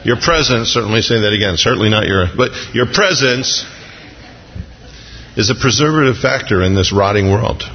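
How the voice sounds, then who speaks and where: Gravelly-voiced male pastor preaching. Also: normal speed, in a large hall, dull audio. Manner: animated, jumps into high excited voices when acting out quotes. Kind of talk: sermon.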